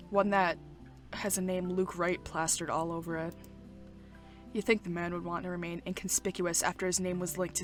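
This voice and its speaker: Woman reading a detached young loner guy in a game, quiet dry narration, faint music behind. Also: fairly low pitch, pitched below the performer's own voice, lightly acted. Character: aloof young man, watchful loner.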